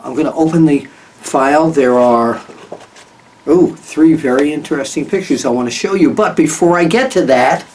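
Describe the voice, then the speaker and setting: A man's voice: mid-range voice, darkish tone. Chatty man host, a little off-mic. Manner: rambling, chatty, with many fillers and restarts. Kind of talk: casual chat. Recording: voice a bit far from the mic.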